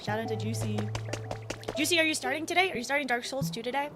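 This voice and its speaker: A woman's voice: high voice, animated, brisk, pauses often. A young woman streaming a video game, chatting with viewers, answering chat and laughing often. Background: loud game music.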